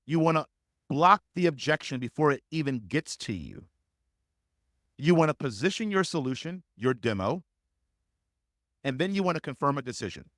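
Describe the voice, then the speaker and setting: A man's voice: fairly high pitch, lively intonation, moderate pace, long pauses, fairly bright tone, dry recording, studio quality. A man teaching sales as a coach in a live webinar, speaking emphatically and repeating key phrases to drive points home.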